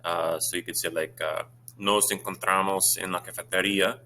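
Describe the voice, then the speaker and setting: A man, a Spanish teacher talking his students through exam questions in a brisk, informal way with many fillers. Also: sits low, steady tone, sharp tone.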